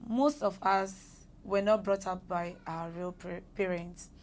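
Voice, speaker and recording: A woman speaks in a mid-pitched voice. As a podcast guest, she talks earnestly and reflectively in a casual conversational tone. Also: fairly even intonation, a little slow. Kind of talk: casual chat.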